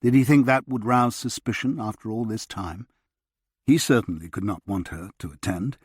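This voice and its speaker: A man reading a historical novel aloud as narrator, in a measured, expressive way. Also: fairly low pitch, slightly rough, no echo, clean studio sound. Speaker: audiobook narrator. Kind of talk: scripted narration.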